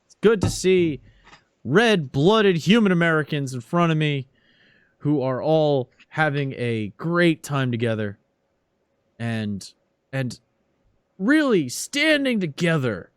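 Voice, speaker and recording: A man voicing a bigoted male politician giving a loud, pompous rally speech. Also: medium pitch, no room sound. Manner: loud, pompous, crowd-rousing.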